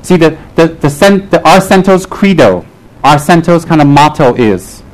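A man giving a lively, joking Buddhist talk to a live audience, driving points home with repeated punchy lines. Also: fairly high pitch, moderate pace, rough recording. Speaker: Buddhist lama teaching his group.

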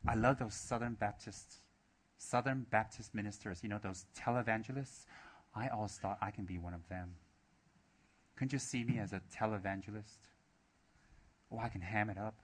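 A man's voice: on the low side, fairly even intonation, moderate pace, long pauses, husky. A man giving a Buddhist dharma talk, emphatic and repetitive, asking many rhetorical questions. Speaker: Buddhist teacher.

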